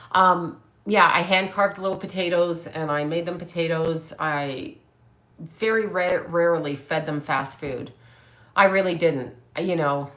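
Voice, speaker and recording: A woman in her late fifties talks straight to her livestream viewers, blunt, brash and quick to swear at commenters. Her voice is bright and forceful, sitting a little low for a woman. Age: 50s. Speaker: psychic medium livestream host. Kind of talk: casual livestream chat reading comments.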